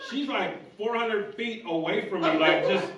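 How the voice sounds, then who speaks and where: A man with a high voice preaches a sermon, switching between animated, humorous stories and earnest points. He sounds fairly distant from the mic, and the church room rings around him. The recording is dull and muffled. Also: measured pace, echoey room, over a noisy crowd. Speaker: pastor. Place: church sanctuary.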